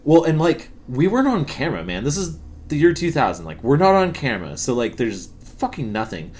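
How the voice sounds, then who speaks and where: A man's voice: a little high, brisk. A man in his thirties, co-hosting a podcast, telling work stories in a casual, profane, laughing way. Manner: profane, laughing, animated storytelling. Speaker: podcast co-host. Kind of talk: casual storytelling chat.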